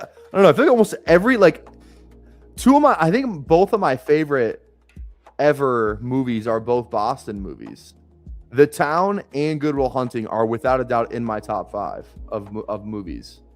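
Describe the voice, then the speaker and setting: Rambling, chuckling male streamer over faint music. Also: medium pitch. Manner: rambling, swears freely, chuckles often. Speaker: fantasy football streamer. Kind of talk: casual live-stream chat.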